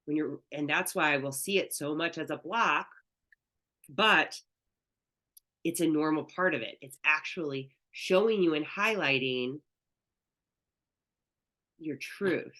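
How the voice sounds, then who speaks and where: A woman's voice: low-pitched, takes it slowly, pauses often, pushed and bright. A woman spiritual coach teaching an online class, talking in an earnest, candid, conversational way.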